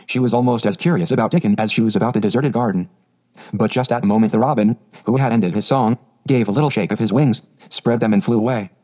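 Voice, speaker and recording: Man narrating an audiobook, mellow warm tone, steady reading. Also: lowish voice, fast talker. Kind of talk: scripted storybook narration.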